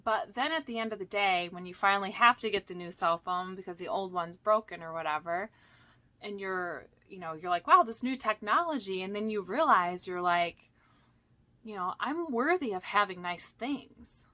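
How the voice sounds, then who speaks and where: Bright-voiced chatty woman coach. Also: lowish voice, moderate pace. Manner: chatty, animated, lots of fillers and "blah, blah" asides. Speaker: holistic coach. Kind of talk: casual advice talk.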